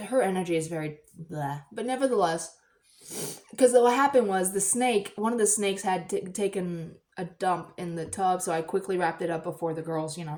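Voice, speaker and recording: A woman vlogger telling a personal story in a chatty, rambling way, breaking into loud excited bursts. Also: on the low side.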